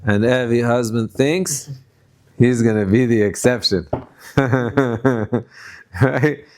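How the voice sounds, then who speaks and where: A man, a rabbi, giving a conversational Torah lecture. He sprinkles in Yiddish and Hebrew terms and acts out quotes with sudden high bursts. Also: slow pace, a little mellow.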